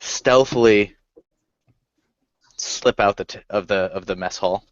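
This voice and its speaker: A man playing a tabletop game, describing his character's actions in a halting, slow-building way. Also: fairly low pitch. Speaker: player. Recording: dry, dull lo-fi sound.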